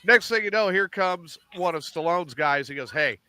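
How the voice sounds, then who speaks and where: A middle-aged man hosting a casual podcast, animated and profane, acting out lines as he recaps TV shows. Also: on the high side, normal speed. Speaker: podcast host.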